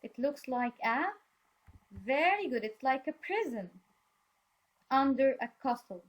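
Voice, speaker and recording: Slow patient teacher lady, higher voice, keeps saying very good and explaining words. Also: lively intonation. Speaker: English teacher. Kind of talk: reading a story aloud for a class.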